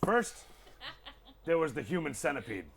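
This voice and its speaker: A man's voice: fairly high pitch, big pitch swings, moderate pace, gravelly, a crowd in the background. A man performing short-form improv comedy on a small stage, talking in a sly, salesman-like patter. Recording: stage mic with audience noise.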